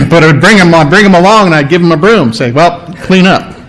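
A middle-aged male preacher with a slightly high voice teaches a Bible passage in plain, homespun words. He stumbles and repeats himself often, pausing to clear his throat before going on. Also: animated, fairly bright tone, rough recording. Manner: plain-spoken, folksy. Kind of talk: sermon teaching.

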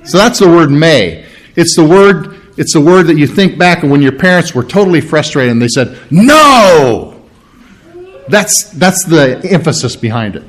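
Animated male preacher, higher voice. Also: normal speed. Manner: animated, emphatic, stops to explain Greek words. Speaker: pastor. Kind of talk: sermon. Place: church.

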